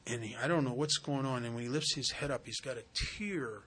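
A man with a bright, forceful tone speaks at a recovery meeting. As a sponsor, he tells a story in an earnest, conversational way, in a voice of middling pitch. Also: a little fast, husky.

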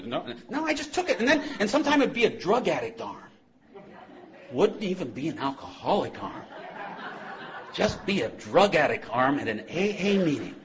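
A man giving a personal testimony talk as a speaker at a recovery meeting, an animated storyteller who laughs often and then drops to a hush. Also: high-pitched, a little fast. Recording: muffled lo-fi recording.

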